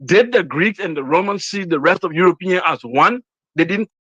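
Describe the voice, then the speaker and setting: A man calmly making his case in an online debate, answering point by point. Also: high voice, normal speed, breathy edge, no room sound. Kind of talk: debate argument. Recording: dull dry call audio.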